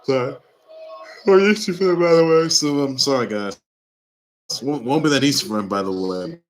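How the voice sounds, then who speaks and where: This sports report host, a man with an expressive medium-pitched voice, talks casually at a moderate pace, rambling and repeating himself while emphatically urging teams on. The recording is rough.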